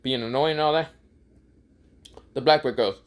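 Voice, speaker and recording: A man improvising a fan story out loud in a casual, swearing, often laughing way, with frequent restarts. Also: medium pitch, moderate pace.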